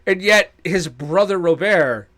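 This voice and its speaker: A man co-hosting a casual podcast chat, telling stories with lively delivery and putting on voices for quotes. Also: high voice, a little slow. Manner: animated storyteller, puts on voices when quoting. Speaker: podcast co-host.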